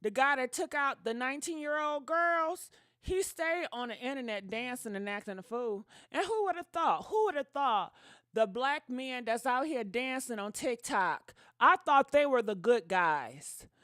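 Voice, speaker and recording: A woman hosting casual livestream commentary in an animated, sassy way, talking straight to her viewers. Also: high-pitched, measured pace, no echo, studio quality. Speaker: commentary channel host.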